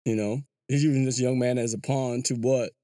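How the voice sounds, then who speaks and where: A man with a medium-pitched, mellow voice hosts his own podcast from a small enclosed booth, speaking briskly with fairly even intonation. His casual solo commentary is loose and rambling, peppered with "yo" and restarts. The studio-quality recording has no echo and clear background music underneath.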